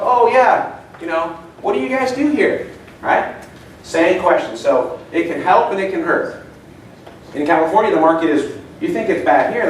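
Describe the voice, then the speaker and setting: A chatty man talks to a live seminar audience, spinning casual stories and tossing questions at the room. His voice sits a touch high and comes from some distance off the mic. A big, echoey room and a faint hiss hang around every word. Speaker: seminar speaker. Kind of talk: live seminar talk with anecdotes. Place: meeting room.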